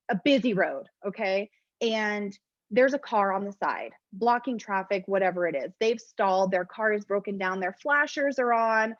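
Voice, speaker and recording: A woman's voice: medium pitch, no echo, muffled recording. Chatty, laughing woman giving a pep talk. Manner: chatty, self-deprecating, laughs often. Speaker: network marketing presenter. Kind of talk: casual motivational talk.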